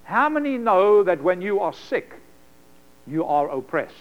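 A man preaching a sermon as pastor, dramatic, with sudden loud bursts and acted-out voices. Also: high-pitched, sing-song, a little slow. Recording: dull lo-fi sound.

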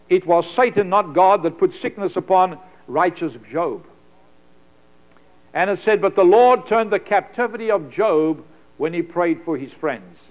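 A man with a high-pitched voice delivers a fiery sermon as pastor. He swings between quiet asides and sudden loud, dramatic bursts, acting out little voices. The recording sounds dull and lo-fi.

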